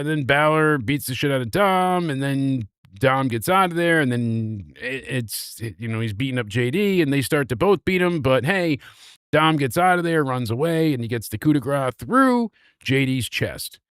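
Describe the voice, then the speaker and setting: Man, sarcastic, animated, swears a lot, casual wrestling recap, mid pitch, dry close mic. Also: normal speed, clean tone, no room sound. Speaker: wrestling show reviewer.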